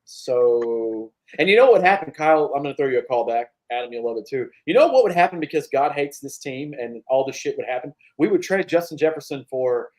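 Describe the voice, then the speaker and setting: A man's voice: medium pitch, animated, a little fast, hardly any pauses, a little mellow. A man from North Carolina co-hosting a sports podcast, talking emphatically in casual chat and swearing freely. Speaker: podcast co-host.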